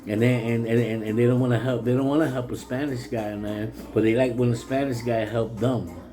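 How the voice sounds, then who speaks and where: A man's voice: mid-range voice, steady tone, brisk, faint music behind, poor audio. A man from New City, ranting heatedly in a repetitive, stammering, profane way about his town. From New York City. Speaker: local resident. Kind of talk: casual ranting monologue.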